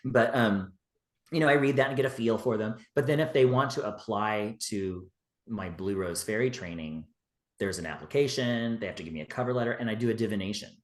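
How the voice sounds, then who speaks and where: A man speaking as a podcast guest in relaxed, rambling conversation, full of "you know" fillers. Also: fairly low pitch, fairly quick. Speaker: guest, witchcraft teacher. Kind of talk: casual interview talk. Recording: roomy echo.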